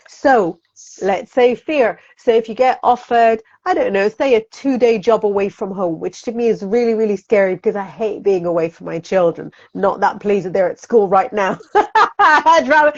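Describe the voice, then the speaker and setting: A woman's voice: medium pitch, muffled recording. A woman, a psychic guest, talking animatedly in an interview, laughing often and acting out inner voices in quotes. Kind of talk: conversational interview.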